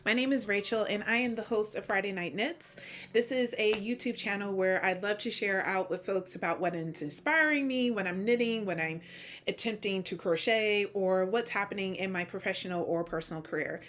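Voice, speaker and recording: A woman's voice: mid-range voice, moderate pace, fairly bright tone. Tired chatty woman with a slight Southern twang. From Georgia, US. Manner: chatty, laughs often, self-deprecating. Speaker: host. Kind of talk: casual knitting vlog chat.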